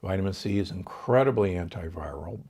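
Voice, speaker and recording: An older man speaks with a low, gravelly voice, explaining medical advice in an authoritative tone. He piles up doses and figures and often restarts his sentences mid-thought. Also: lively intonation, fairly quick, darkish tone. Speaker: doctor and guest. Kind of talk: podcast interview.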